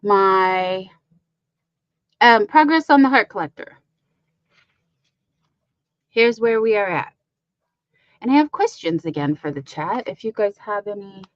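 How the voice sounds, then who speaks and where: A woman's voice: medium pitch, expressive, measured pace, pauses often, no echo, dull audio. A woman co-hosting a crochet livestream, talking in a chatty, rambling way with lots of fillers. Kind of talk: casual livestream chat.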